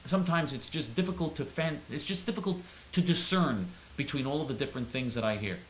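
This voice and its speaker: A man's voice: medium pitch, brisk, roomy sound, a little hiss or hum, poor audio. A man ranting in character in a comic monologue, rambling and stammering with mock-earnest indignation. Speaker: comedic caller in character.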